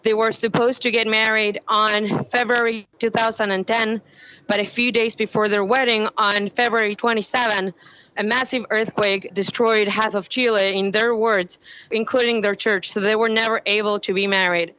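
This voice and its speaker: A woman journalist explaining events in a quick, reporting manner. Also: medium pitch, level tone, pushed and bright. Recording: dull phone-like line.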